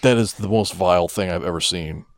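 A man co-hosting a casual movie commentary in a laid-back, deadpan, profane manner. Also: low voice, brisk, no room sound. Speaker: podcast co-host.

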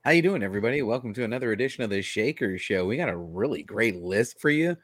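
A man's voice: fairly low pitch, expressive, fast, no room sound. A man co-hosting a live stream, upbeat as he welcomes viewers and runs through listings. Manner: upbeat, reads collectible listings. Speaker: co-host. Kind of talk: casual live-stream chat.

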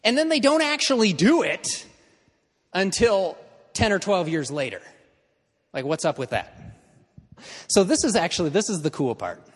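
A man's voice: sits high, sing-song, moderate pace, pauses often, husky, long reverb tail. A man teaching an in-person class in a conversational lecture style, checking in with his students as he explains.

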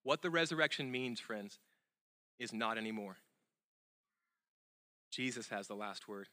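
Bright-voiced man preaching a sermon. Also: animated, measured pace, pauses often. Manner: earnest, repeats key phrases, drops soft and low on closing lines; fillers and restarts in unscripted stretches. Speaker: pastor.

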